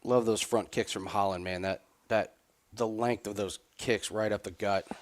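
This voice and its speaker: A man's voice: on the low side, normal speed. A man hosting a live fight betting stream, analysing the bout with frequent stammered restarts. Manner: stammering restarts, bursts of excited laughter.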